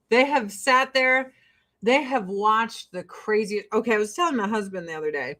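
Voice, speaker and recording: A middle-aged woman talks through her get-ready-with-me routine at home. She tells blunt, profane stories and laughs often. Her voice sits somewhat high. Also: a bit bright. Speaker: vlogger. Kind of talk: casual get-ready-with-me chat.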